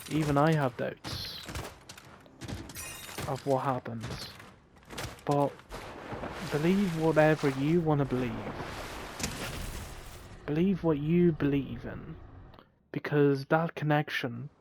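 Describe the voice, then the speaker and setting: A man slowly telling a heartfelt story in an earnest way, often repeating his phrases. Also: on the high side, noisy background. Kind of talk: storytelling monologue over gameplay.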